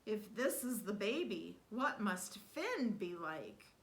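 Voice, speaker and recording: A woman voicing a huge, blustering male giant in a storybook reading, loud and exclaiming. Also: mid-range voice, sing-song, takes it slowly, roomy sound. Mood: alarmed.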